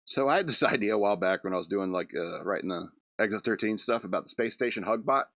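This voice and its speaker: A man's voice: on the low side, fast talker, fairly bright tone, dry recording. A man hosting a comedy radio show, rambling through a loose monologue with restarts and chuckles.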